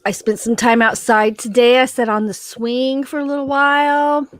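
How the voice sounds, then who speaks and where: A woman's voice: on the high side, level tone, normal speed, dry recording, studio quality. A woman co-hosting a casual livestream from her home, chatting and reading viewer comments aloud. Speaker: livestream co-host.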